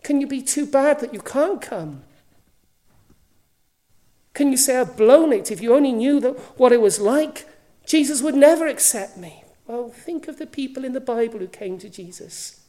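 A woman preaching a sermon, earnest, often dropping to a hushed voice. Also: high-pitched, animated, normal speed. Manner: earnest, drops to a hushed voice for quoted invitations.

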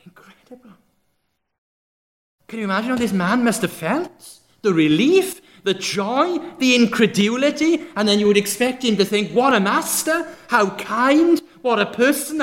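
Male preacher, slightly higher voice, dramatic sermon delivery that moves from loud emphasis to hushed, drawn-out lines. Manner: expressive, swings from loud emphatic exclamations to soft, drawn-out near-whispers; acts out the characters' quoted lines in the parable.

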